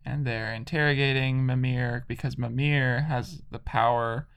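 A man's voice: medium pitch, steady tone, measured pace, vocal fry, a bit bright, smooth. A man casually retelling a video game's story, rambling with lots of "like".

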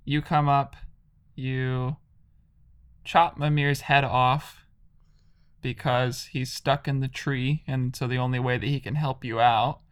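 A man's voice: medium pitch, flat delivery, slow, clear, resonant tone. A man casually retelling a video game's story, rambling with lots of "like".

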